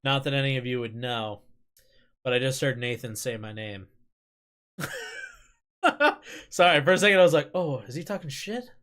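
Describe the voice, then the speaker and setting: A man's voice: mid-range voice, normal speed, pauses often, fairly bright tone, clean tone. A young man hosting a livestream, chatting casually and rambling, laughing often and reading viewer comments aloud from his desk at home. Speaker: livestream host. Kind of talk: casual chat with stream viewers.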